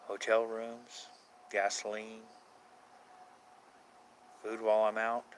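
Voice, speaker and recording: A man's voice: fairly low pitch, completely flat delivery, slow, slight background noise, rough recording. A man casually chatting with viewers on a paranormal live stream, rambling from point to point and swearing now and then. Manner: rambling, swears casually, answers chat questions.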